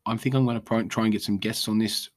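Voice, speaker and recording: Australian man, young adult, lowish voice, blunt profane rant, solo podcast host. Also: fairly even intonation, fast.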